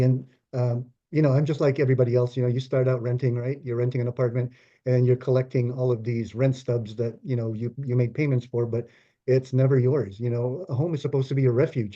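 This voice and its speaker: A man's voice: medium pitch, mellow, muffled recording. A man co-hosting a casual talk, speaking steadily and affirmingly with frequent filler words. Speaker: co-host.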